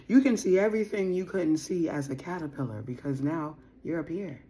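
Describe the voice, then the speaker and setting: A woman's voice: sits low, fairly quick, warm tone. A woman giving a casual tarot reading to her viewers. She talks in a chatty, slangy, playful way and laughs often. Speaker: tarot reader.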